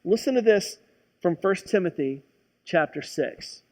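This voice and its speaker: A man's voice: sits high, animated, measured pace, a little mellow. A man preaching a sermon as a pastor, telling a personal story in a conversational way with frequent restarts.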